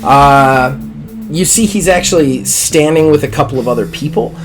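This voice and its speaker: A man narrating a tabletop game as game master, relaxed and halting. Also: mid-range voice.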